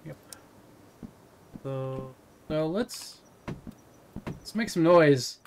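A man narrating his playthrough of a horror game, joking and reacting with sudden loud outbursts. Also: a little high, expressive, drawn-out words, slight background noise. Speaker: game streamer. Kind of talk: let's play commentary.

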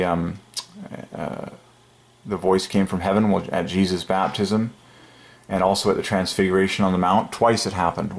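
A man hosting his own channel, giving an excited, emphatic religious monologue and chuckling often. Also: deep voice, creaky. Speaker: channel host. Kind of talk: casual religious monologue to camera.

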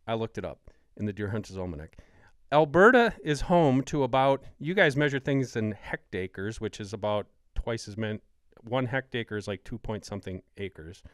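Smooth-voiced Wisconsin podcast host. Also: male voice, medium pitch, animated, normal speed, no room sound, clean studio sound. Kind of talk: casual interview talk.

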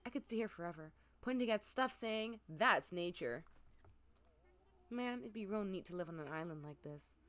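A woman streamer chatting casually as she plays a game, gushing and excitable, with a mid-pitched voice. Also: brisk, hardly any pauses. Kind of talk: casual gameplay commentary.

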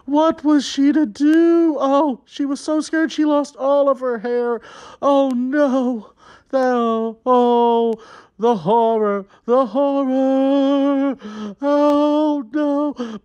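A man hams up a fairy tale for children, unhurried and drawn out. He gasps, cries out in mock horror and chats directly with young viewers at home. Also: very high voice, smooth, lo-fi sound. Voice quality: exaggerated, melodramatic delivery with gasps and mock horror. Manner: animated, jokey, talks straight to young viewers. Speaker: balloon artist and children's performer. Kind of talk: playful storytelling for children.

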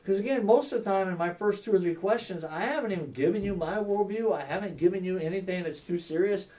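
A man's voice: high voice, quick pace, warm tone, recorded from a distance. Man teaching a church class from afar. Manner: conversational, asks the class questions, acts out quoted dialogue.

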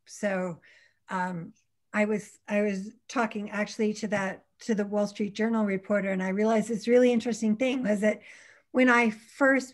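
A middle-aged woman, an English professor and romance author, chatting on a panel and thinking aloud with small restarts. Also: mid-range voice. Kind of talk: casual panel chat on a video call.

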